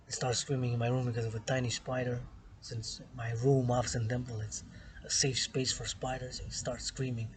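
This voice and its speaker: A man giving a rambling monologue as a vlogger, repeating himself and swinging between loud stresses and hushed whispers, recorded outdoors. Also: mid-range voice, noisy background. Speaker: vlogger philosophizing to camera. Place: outdoors in the sun on an island.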